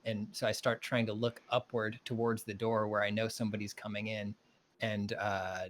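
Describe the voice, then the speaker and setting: A man co-hosting a casual game stream, relaxed and laid-back as he tells a story. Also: lowish voice, normal speed, slight background noise. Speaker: co-host. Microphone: headset over voice chat.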